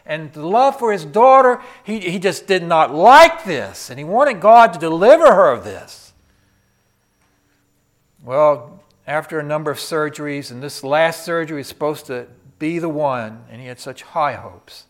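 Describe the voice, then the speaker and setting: A man preaching a sermon, swinging from loud emphatic peaks to hushed whispers and throwing rhetorical questions at the congregation. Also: on the high side, expressive, measured pace.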